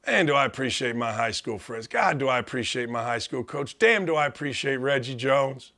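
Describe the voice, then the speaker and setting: A man's voice: medium pitch, expressive, a little fast, bright, forceful tone. A man hosting a sports talk show, speaking in a heartfelt, tearful monologue of gratitude, choked up and close to crying. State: choked up, near tears. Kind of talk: emotional monologue.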